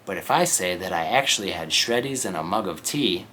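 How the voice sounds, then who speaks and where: An English teacher with a low voice reads a novel aloud for learners, pausing now and then to explain words and checking in often. His delivery is slow and explanatory yet lively in intonation, pushed and bright, over a faint hiss.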